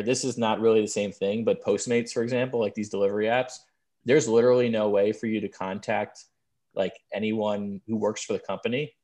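Low-voiced man rambling casually. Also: a little mellow. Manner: rambling, hesitant, trails off mid-sentence. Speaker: podcast co-host. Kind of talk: casual chat.

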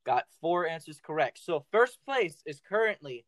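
A playful podcast host chatting casually and running a quiz, breaking into goofy, loud shouted bursts. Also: mid-range voice, sing-song, moderate pace, dry recording. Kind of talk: casual chat.

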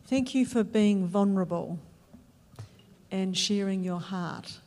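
A woman at a church thanking the previous speaker in warm, unhurried words. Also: medium pitch, big-room sound.

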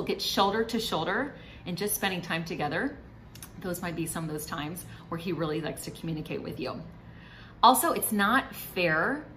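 A woman's voice: lowish voice, fairly bright tone, a little hiss or hum, low-quality recording. A middle-aged woman vlogger giving marriage advice in a chatty, encouraging way, now and then acting out what a spouse might say. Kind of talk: direct-to-camera advice talk.

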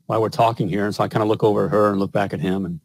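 A man's voice: on the low side, fairly even intonation, rapid-fire, vocal fry, dry recording. A middle-aged man hosting a show, telling a personal story in a rambling way with lots of fillers and chuckles. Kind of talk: casual storytelling.

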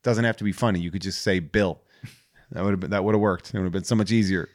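A man hosting a podcast in casual chat, joking and rambling through listener shout-outs and stories with many fillers. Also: low voice, fairly even intonation, fast talker. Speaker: podcast host.

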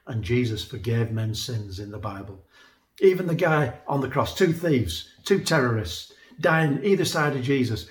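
Earnest preacher in an echoey room. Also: male voice, medium pitch. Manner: earnest, conversational, repeats words when emphasizing. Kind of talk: sermon.

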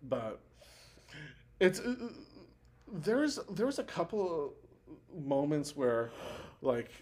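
A man's voice: fairly high pitch, very animated, drawn-out words, darkish tone. Rambling man recapping a show. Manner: rambling retelling full of "like" fillers and restarts. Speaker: podcast co-host. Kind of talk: casual chat recapping a TV show.

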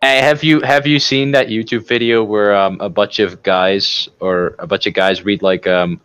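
A man's voice: lowish voice, fairly even intonation, normal speed, fairly bright tone, clear, resonant tone, no echo, low-quality recording. A young man co-hosting a casual podcast on a voice call, rambling through crude jokes and laughing a lot. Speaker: podcast co-host. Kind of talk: casual chat.

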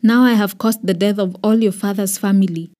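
A woman's voice: medium pitch, fairly even intonation, a little fast, warm tone, close to an everyday voice. A woman with a Kenyan accent voicing a young warrior leader who speaks with emphatic resolve. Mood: dismayed, resolute. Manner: emphatic exclaiming.

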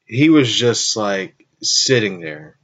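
Slow, low-voiced rambling man. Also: sing-song, fairly bright tone. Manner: rambling, self-correcting, frequent asides. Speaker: show host. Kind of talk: casual rambling storytelling.

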